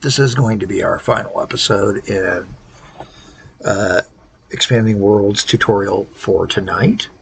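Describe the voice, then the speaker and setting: Tired male host, low-key and halting as he plays, deep-ish gravelly voice. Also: poor audio. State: tired, worn out. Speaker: game tutorial host. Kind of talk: casual gameplay tutorial commentary.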